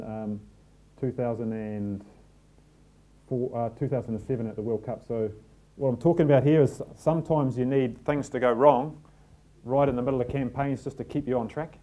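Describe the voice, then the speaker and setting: A middle-aged man with a New Zealand accent talks to a packed room. He tells his stories in a loose, self-deprecating way, and his voice sits at a middling pitch with a mellow, warm colour. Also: normal speed. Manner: relaxed storytelling, self-deprecating humour. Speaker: team manager giving a talk. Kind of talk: live talk to an audience.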